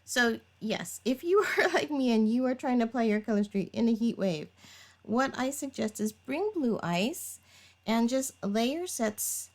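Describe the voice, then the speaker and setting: Slow-talking woman demonstrating a manicure. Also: on the high side, animated. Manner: chatty, talks while working, laughs at herself. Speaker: nail tutorial vlogger. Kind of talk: casual step-by-step demonstration.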